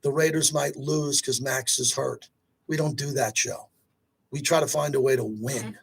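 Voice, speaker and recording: A man hosting a sports talk radio show, talking in an energetic, rapid-fire, conversational way. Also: mid-range voice, creaky, breathy edge.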